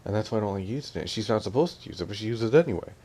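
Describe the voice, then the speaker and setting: A man's voice: on the low side, expressive, very fast, warm tone, slightly rough. A young man ranting in an audio vlog, annoyed and mimicking his family as he tells what happened. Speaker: vlogger.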